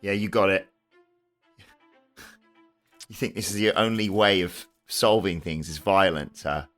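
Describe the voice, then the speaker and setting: A man's voice: deep voice, steady tone, a little slow, a bit bright, faint music behind. A man voicing a brash young male pro wrestler, blustering and stammering. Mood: defiant. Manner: blustering, stammering when scared.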